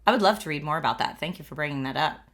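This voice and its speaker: Woman in her thirties, bright voice, chatty livestream host, frequent laughs. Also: low voice, very fast. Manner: chatty, laughs often, fills with "like". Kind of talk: casual livestream chat.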